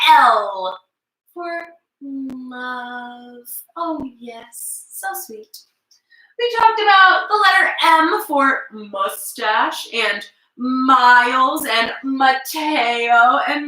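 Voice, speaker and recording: Young woman, preschool teacher, bright, animated delivery. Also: high voice, reverberant. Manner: animated, sing-song, playful with children. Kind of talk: virtual circle time lesson for young children.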